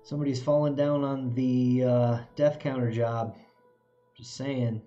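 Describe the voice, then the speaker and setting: In lo-fi audio, a man plays a video game on stream with faint music behind him, chatting casually, laughing at his own failures and chuckling often. He sounds mellow and unhurried, with a medium-pitched, level voice.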